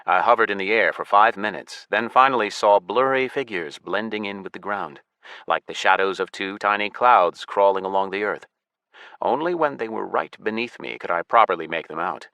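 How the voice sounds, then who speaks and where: Bright-voiced male audiobook narrator. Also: fairly low pitch, normal speed, no room sound. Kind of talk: first-person audiobook narration. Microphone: close studio mic.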